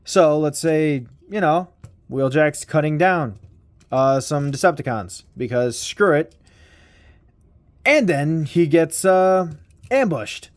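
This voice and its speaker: Male toy reviewer, slightly high voice, slow and rambling, self-deprecating, casual swearing. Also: animated.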